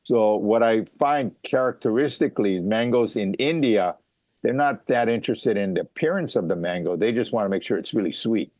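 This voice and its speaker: Man from Hawaii, middle-aged, low voice, rambling explainer, dry close sound. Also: animated, normal speed, a little mellow, no room sound. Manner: explanatory, lots of fillers and restarts. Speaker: mango farmer guest. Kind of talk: casual interview talk.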